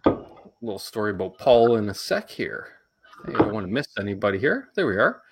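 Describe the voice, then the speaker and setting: Upbeat lively-voiced male host. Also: on the low side, brisk, very noisy. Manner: upbeat, reads out viewer names. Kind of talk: casual live-stream chat.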